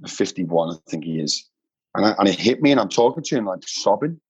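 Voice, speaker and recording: A man's voice: low voice, expressive, brisk, husky. A man telling heartfelt personal stories in an earnest, emotional way. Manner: earnest, heartfelt, says "mate" often. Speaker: podcast guest. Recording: dull lo-fi sound.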